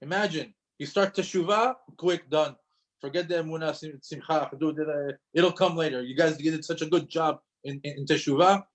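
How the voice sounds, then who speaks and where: A man teaches a class with an emphatic, lively delivery, his voice sitting a little high for a man. He repeats key phrases for weight. When he tells a story, he acts out the quoted lines. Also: normal speed, poor audio. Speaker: religious teacher. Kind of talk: lecture to an audience.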